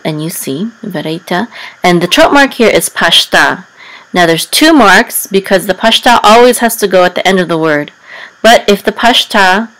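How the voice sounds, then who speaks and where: A woman's voice: lowish voice, fairly bright tone, rough recording. A woman teaching a language lesson step by step, patiently sounding out syllables and correcting herself as she goes. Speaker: Hebrew and Torah chanting teacher.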